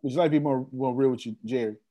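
A man's voice: mid-range voice, rapid-fire. A man hosting an online team meeting, talking in a casual, slangy and teasing way, repeating himself for emphasis. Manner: animated, slangy, teasing and repetitive. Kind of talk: casual motivational team call.

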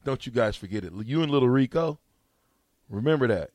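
A man's voice: medium pitch, lively intonation, a little fast, darkish tone, no room sound. A man co-hosting a casual sports talk show, playful and protesting as he banters with his co-hosts. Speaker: co-host.

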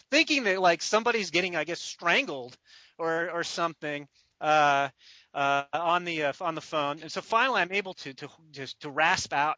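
A man co-hosting a podcast, telling a story in a casual, animated way with laughs. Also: high voice, normal speed, no room sound. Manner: animated, laughing, acts out quotes. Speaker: podcast co-host, draft writer. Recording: dull lo-fi dry podcast audio.

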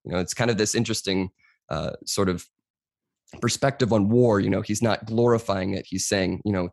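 Low-voiced man explaining at length. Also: normal speed, creaky, a little mellow, dry recording, clean studio sound. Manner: explains at length, often says "you know". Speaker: podcast guest. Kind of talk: casual interview conversation.

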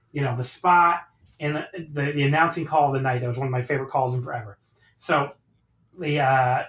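Man, podcast host, casual chat, slightly high voice, swears a lot, echoey room, distant from mic. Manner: animated, swears freely, rambling recaps. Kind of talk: casual chat, match review.

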